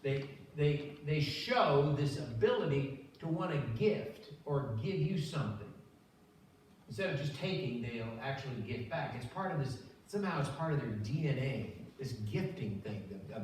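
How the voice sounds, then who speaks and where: A man's voice: medium pitch, normal speed, distant mic, a little hiss or hum. An older male pastor giving a conversational sermon, telling stories and acting out the voices in them. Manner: conversational, animated storytelling with acted-out voices. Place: church sanctuary. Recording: very echoey church recorded from afar.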